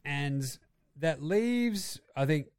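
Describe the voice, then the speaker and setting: A man's voice: fairly high pitch, expressive, drawn-out words, a little mellow, smooth, dry recording, clean studio sound. A man co-hosting a casual sports podcast, rambling, swearing and laughing as he talks. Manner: profane, rambling, laughs often. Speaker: podcast co-host.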